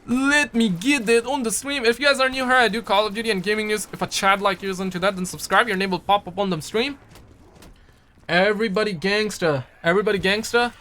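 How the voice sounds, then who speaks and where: A young man from Pakistan hosts a gaming news livestream in a loose, casual chat. His fairly high voice has a bright, forward edge. He jumps his pitch around on purpose so he never sounds flat. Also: fast. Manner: animated, shifts his voice up and down on purpose.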